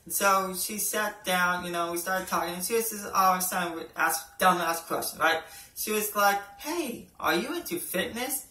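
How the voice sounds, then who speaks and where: A man's voice: sits high, fairly even intonation, moderate pace, pushed and bright. Rambling young man, echoey and distant. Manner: rambling, peppered with "you know" and "right", swears a lot. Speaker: amateur stand-up comic. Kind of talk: casual stand-up routine. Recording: echoey room, voice from off-mic.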